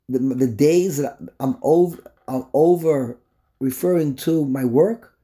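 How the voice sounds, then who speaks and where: Man, Torah teacher, higher pitch, mellow tone, quotes and translates Hebrew phrases. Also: normal speed. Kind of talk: text study lesson.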